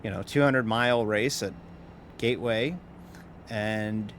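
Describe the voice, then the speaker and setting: A man's voice: fairly low pitch, unhurried, a bit bright, slight background noise. A tired man giving casual, rambling live-stream commentary while sim racing, wry and swearing now and then. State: tired, yawning.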